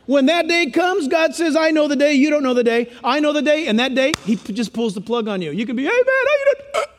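A man preaching a sermon in an animated way, acting out quoted voices for humor. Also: very high voice, quick pace, in a large hall.

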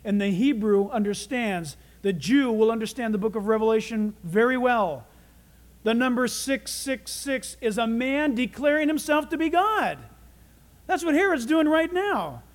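High-voiced man preaching dramatically. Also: expressive, a little slow. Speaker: pastor. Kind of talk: sermon.

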